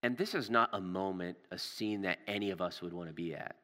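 Bright-toned male preacher in a hall. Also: a little fast. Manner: storytelling, rises for drama and drops low for tender words. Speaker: pastor. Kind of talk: sermon.

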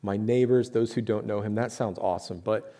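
Pastor guy giving a sermon, warm low tone, chatty and emphatic. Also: fairly even intonation, fairly quick. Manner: conversational, rhetorical questions, emphatic. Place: church.

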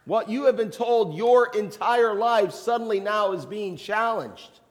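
A man's voice: sits high, unhurried, long reverb tail. A man, a pastor, preaching a sermon in a conversational way, with rhetorical questions and light humor.

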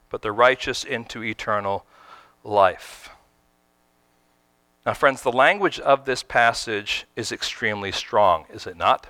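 A man's voice: medium pitch, a little slow, sharp tone, no room sound. A man preaching a sermon, emphatic and direct, often asking his listeners questions and sometimes repeating words as he restarts. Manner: emphatic, asks the congregation questions. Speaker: pastor.

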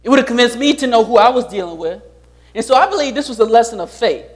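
A man's voice: very high voice, animated, fast talker. A pastor preaching a sermon, repeating his key lines and putting rhetorical questions to the congregation.

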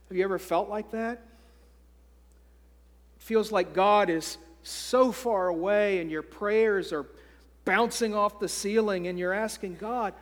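High-voiced man preaching slowly. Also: long reverb tail. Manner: earnest preaching, slow deliberate phrasing. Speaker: pastor. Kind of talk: sermon.

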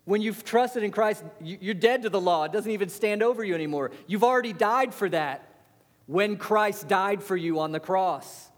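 A man preaching a sermon, animated, asking the congregation rhetorical questions and answering them. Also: high voice, normal speed, big-room sound.

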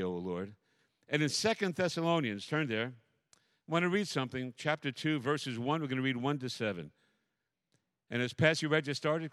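A man preaching as a pastor in a church, telling a story with animated, repetitive preaching cadence. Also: mid-range voice, no echo, studio quality. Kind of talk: sermon.

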